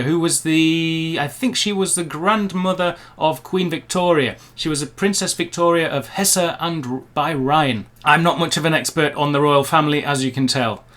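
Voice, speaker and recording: A man's voice: on the high side, a bit bright. A man from England, vlogging in a chatty, upbeat way with playful asides. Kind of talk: casual talk to camera.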